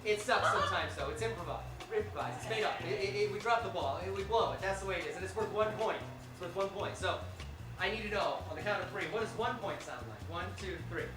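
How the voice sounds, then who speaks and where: A woman hosting a live improv comedy show, joking loudly with the audience on a club stage. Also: medium pitch, lively intonation, fast talker. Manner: loud, joking, laughing with the audience. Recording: echoey club, distant mic, crowd and music. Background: audience laughter and music.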